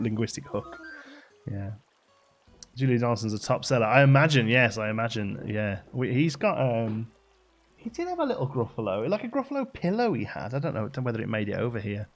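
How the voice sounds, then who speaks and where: A man's voice: lowish voice, very animated, brisk, soft background music. Chatty man streaming. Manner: rambling and chatty, many fillers and restarts. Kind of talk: casual live-stream chat.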